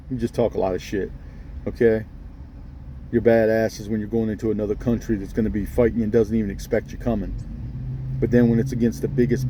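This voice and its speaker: A man's voice: mid-range voice, background noise. A man ranting straight at his viewers in a blunt, scolding way, often pressing them with "okay?". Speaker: vlogger addressing viewers. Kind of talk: ranting monologue to camera.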